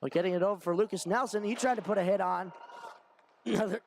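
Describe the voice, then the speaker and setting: High, gravelly young male hockey announcer. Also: steady tone, a little hiss or hum. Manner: rapid running call, rising to shouts on shots and goals. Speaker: play-by-play commentator. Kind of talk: amateur hockey play-by-play commentary.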